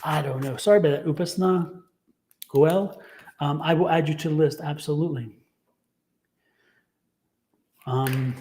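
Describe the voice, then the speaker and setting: A man's voice: on the high side, darkish tone, slight background noise. A man doing a livestream tarot reading, talking enthusiastically in a rambling way and laughing often. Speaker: tarot reader.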